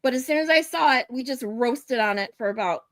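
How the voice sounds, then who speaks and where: A woman with a high voice hosts a live stream, chatting loosely and laughing as she talks to her co-host. Her voice is close and dry, with no room sound. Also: expressive, brisk, no room sound. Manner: chatty, laughs often, urges co-host to look. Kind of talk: casual live-stream chat.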